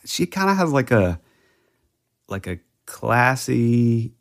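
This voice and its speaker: A man's voice: medium pitch, sing-song, slow, vocal fry. A man co-hosting a podcast, chatting casually and agreeably about movies. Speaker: podcast co-host.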